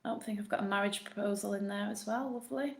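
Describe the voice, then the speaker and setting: A woman's voice: medium pitch, steady tone, vocal fry. Northern English woman, fitness coach, chatty live stream host, roomy sound. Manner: chatty, rambling, quick. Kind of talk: live Q&A chat.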